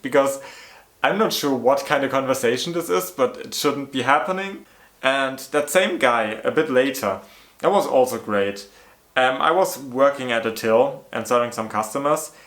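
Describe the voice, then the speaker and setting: A man's voice: medium pitch, normal speed, a bit bright. Chatty man in a roomy echo. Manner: chatty, many "like" fillers, exasperated retelling. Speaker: storyteller. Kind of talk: casual storytime vlog.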